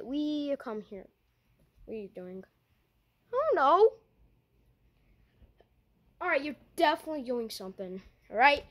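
In a homemade skit, a woman excitedly switches from one character to the next. Her high voice swoops up and down, and she takes her time, stumbling over stammering restarts.

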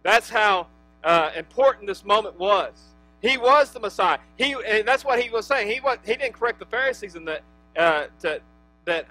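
A male pastor preaching an impassioned sermon, swinging from hushed to emphatic and restarting phrases with many fillers. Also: sits high, expressive, moderate pace, no room sound, faint music behind, poor audio.

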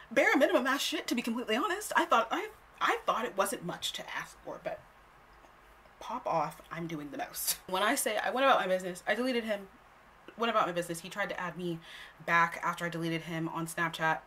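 A young woman telling a story on her own vlog in a casual, animated way, blunt and quick to swear. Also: mid-range voice, slight background noise. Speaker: storytime host.

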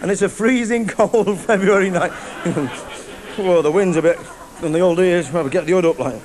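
A man tells a comic story on a theatre stage, chatty and conspiratorial, his voice sitting a little high. A large audience laughs around him, and the broadcast tape carries a steady hiss. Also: normal speed. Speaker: stand-up comedian. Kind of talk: live stand-up storytelling. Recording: noisy live broadcast with crowd.

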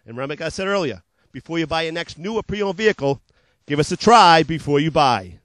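A man hosting a local TV car sales show, pitching cars in upbeat, repetitive patter and joking about his own slips of the tongue. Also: expressive, fast, a bit bright, dry recording.

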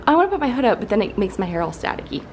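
A chatty young woman hosting a casual travel vlog, excitable and quick to laugh. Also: mid-range voice, slight background noise, low-quality recording. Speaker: vlogger. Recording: music playing under the voice.

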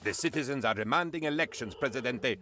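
A man's voice: medium pitch, lively intonation, quick pace, pushed and bright. An actor playing a dry male political advisor in a video game, making wry, understated remarks.

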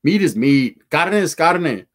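A man's voice: a little high, very animated, slow. A man telling a profane, slangy street story to his live chat.

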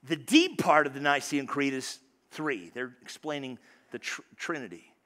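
A man preaching a sermon in a church, conversational and animated, stumbling over restarts and dropping suddenly soft. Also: medium pitch, moderate pace. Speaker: pastor. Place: church sanctuary.

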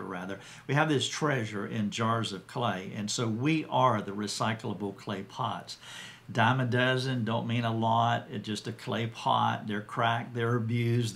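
A man giving an earnest Bible teaching, quoting scripture with emphasis and pausing to restart his sentences. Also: medium pitch, a bit bright.

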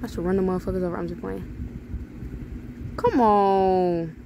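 A young woman talking loudly through a mobile game, swearing freely and reading in-game texts aloud with plenty of sass. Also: on the low side, level tone, normal speed, creaky, background noise. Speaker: gamer. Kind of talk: casual gameplay commentary.

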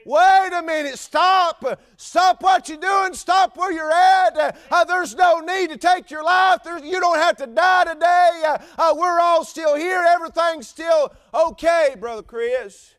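A man voicing an apostle who shouts urgent commands, in his own high voice. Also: steady tone, takes it slowly, smooth, no room sound. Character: urgent male apostle crying out to stop.

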